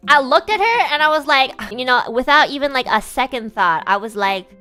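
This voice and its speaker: A woman VTuber telling a story casually on stream, animated, swearing freely and laughing often. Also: high voice, a little fast, faint music behind.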